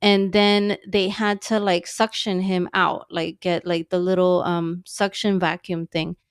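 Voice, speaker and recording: A woman guest in her thirties telling a story in a casual, animated way, sarcastic and laughing often, with some swearing. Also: on the low side, unhurried, smooth, no room sound, studio quality. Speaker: podcast guest.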